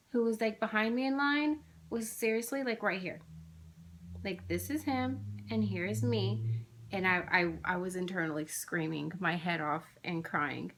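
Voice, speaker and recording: Chatty woman with a bright voice. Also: fairly high pitch. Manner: rambling, chatty, lots of fillers. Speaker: flosstube vlogger. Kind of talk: casual chatty haul video.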